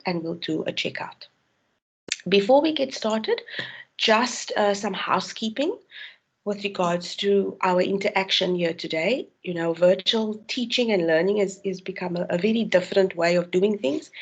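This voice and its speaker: A woman's voice: mid-range voice, creaky, husky, dull audio. A woman from South Africa, a university tutor giving an online tutorial, explaining with frequent ums and restarts.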